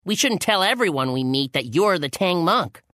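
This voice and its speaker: A woman's voice: lowish voice, animated, moderate pace, fairly bright tone, no room sound. A woman voicing a clever, teasing male monkey hero in a storybook reading. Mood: calm. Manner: smirking, teasing.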